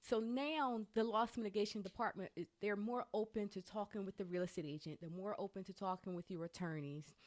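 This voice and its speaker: A woman co-hosts a casual podcast chat in a relaxed, agreeable voice of ordinary pitch. She explains things plainly and backs up her partner. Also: brisk, few pauses. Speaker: co-host.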